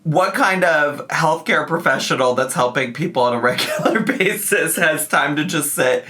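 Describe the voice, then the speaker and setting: A man's voice: on the high side, normal speed, bright, forceful tone. A man hosting a reaction commentary, chatty and sarcastic, often laughing as he talks. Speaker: YouTube commentary host.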